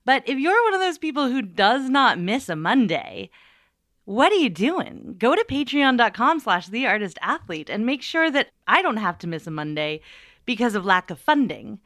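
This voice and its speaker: A woman hosting a podcast, talking to listeners in a chatty, playful monologue with lively asides. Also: a little high, moderate pace, dry recording, clean studio sound. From United States. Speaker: podcast host.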